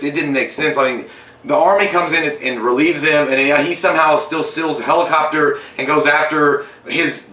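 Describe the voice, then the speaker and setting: A man's voice: fairly high pitch, bright, forceful tone, recorded from a distance. A man casually reviewing a movie with crude humor, acting out characters' lines as he goes. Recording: echoey room.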